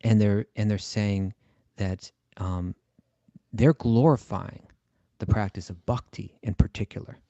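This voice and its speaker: A man's voice: fairly low pitch, fairly even intonation, a little slow, dark tone, dry recording, dull audio. A man hosting a casual spiritual discussion, explaining ideas thoughtfully with frequent restarts. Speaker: podcast host and teacher.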